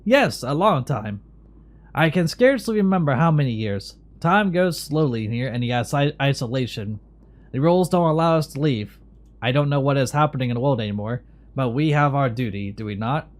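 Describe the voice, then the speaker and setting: A man's voice: mid-range voice, animated, normal speed, lightly acted. A man reading the lines of a weary, long-serving asylum caretaker in a game.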